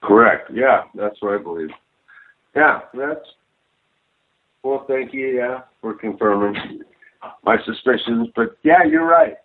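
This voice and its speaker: A man calling in to a radio show, speaking in a hesitant, halting way with restarts. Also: mid-range voice, animated. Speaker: caller. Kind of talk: call-in phone conversation. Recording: tinny phone line.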